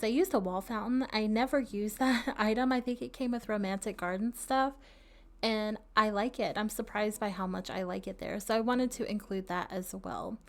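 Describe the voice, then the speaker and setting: A woman chatting casually through a voice-over about her build, laughing often and adding friendly asides, with the hiccups. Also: medium pitch. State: has the hiccups. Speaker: game builder narrating a build video.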